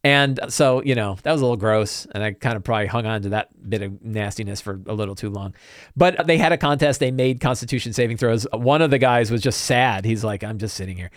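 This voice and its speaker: A man's voice: medium pitch, brisk, no echo, studio quality. Rambling man recapping a tabletop game. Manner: rambling storytelling with many asides and "right?". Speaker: podcast host and game master. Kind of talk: casual session recap.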